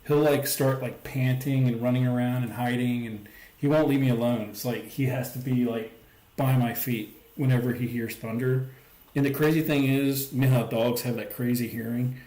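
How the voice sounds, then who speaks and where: A man's voice: medium pitch, steady tone, normal speed, mellow. Casual rambling male streamer, roomy sound. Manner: rambling, lots of "like" and "um". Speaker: livestream host. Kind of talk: casual livestream chat. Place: home stream setup. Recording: roomy echo.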